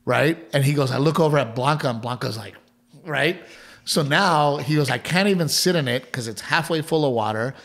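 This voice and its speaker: His voice is a little high, gravelly and fairly bright, moving at normal speed. As a podcast co-host he meanders through a family story, restarting frequently, repeating himself and laughing.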